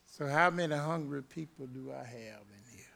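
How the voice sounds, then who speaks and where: Fervent gravelly male preacher. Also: medium pitch, animated, moderate pace. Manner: fervent, call-and-response preaching with shouts of praise. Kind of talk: sermon.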